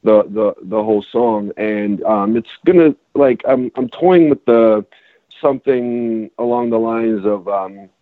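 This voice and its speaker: A man's voice: on the low side, measured pace, dry recording. Man talking over a tinny phone-like line. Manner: rambling, restarts often, explaining. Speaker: rapper and songwriter guest. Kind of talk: casual podcast conversation.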